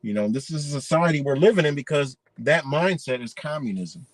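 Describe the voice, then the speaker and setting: A man's voice: fairly high pitch, lively intonation, a little fast, no room sound, low-quality recording. A man ranting indignantly in a profane, rambling monologue.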